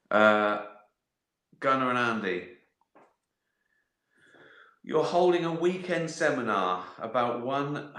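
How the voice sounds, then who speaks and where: A man answers viewer questions in loose, rambling live-stream chat, full of swearing and bursts of his own laughter. He talks slowly, with a bright, forceful tone. The sound is roomy and echoing, like a home setup. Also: lowish voice. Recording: echoey room.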